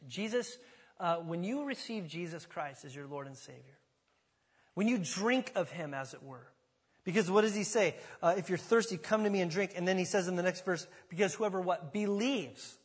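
A man preaching a sermon as pastor, shifting from quiet explanation to loud, dramatic proclamation. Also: high voice, lively intonation, normal speed, husky, in a large hall. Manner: dynamic preaching, swells to shouting on scripture.

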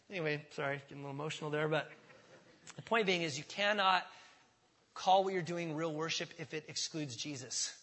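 A male pastor preaching a sermon in a church, emphatic and repetitive, swinging from quiet to loud. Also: fairly high pitch, brisk. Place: church sanctuary. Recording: long church reverb.

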